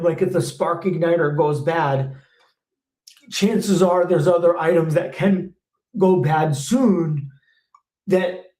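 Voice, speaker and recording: Host, man in his thirties, blunt and fired up, swears freely, slightly high voice, echoey room. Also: a little mellow. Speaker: host and former technician. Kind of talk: live Q&A rant.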